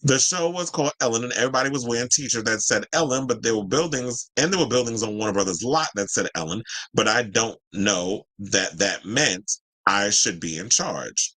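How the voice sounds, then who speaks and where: A man's voice: mid-range voice, expressive, moderate pace, hardly any pauses, pushed and bright, low-quality recording. A man hosting a celebrity news commentary, reading an article aloud and breaking off into chatty opinions, sometimes stumbling over names.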